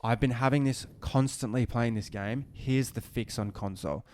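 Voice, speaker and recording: A man co-hosting a casual gaming podcast, animated and ranting, swearing and restarting sentences. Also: medium pitch, moderate pace, slight background noise. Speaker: podcast co-host.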